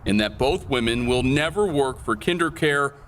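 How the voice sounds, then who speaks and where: A man reporting for local TV news, reading a scripted segment in a measured, formal way. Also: mid-range voice, expressive, fairly bright tone, a little hiss or hum.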